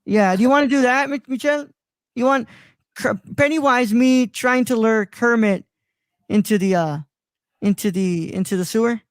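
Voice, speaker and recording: A man's voice: very high-pitched, moderate pace, clear, resonant tone, no echo. A man hosting a live online show, rambling and stalling with lots of restarts, on a close microphone. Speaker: host. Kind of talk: casual live-stream chat.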